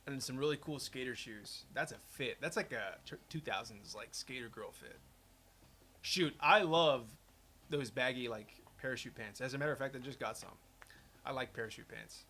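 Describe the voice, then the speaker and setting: A man's voice: mid-range voice, moderate pace, bright, forceful tone, a little hiss or hum. A man, a game developer, chatting casually and rambling as he plays his own game, often interrupting himself. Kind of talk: casual gameplay commentary.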